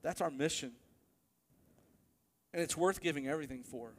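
A male pastor preaching a sermon, telling a story with animated build-ups to emphatic peaks. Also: a little high, moderate pace, big-room sound.

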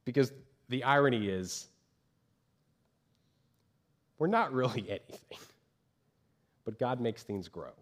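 A man preaching a sermon as pastor from a church stage, lively, acting out the voices of the people he describes. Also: mid-range voice, moderate pace. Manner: animated, acts out quoted voices of churchgoers.

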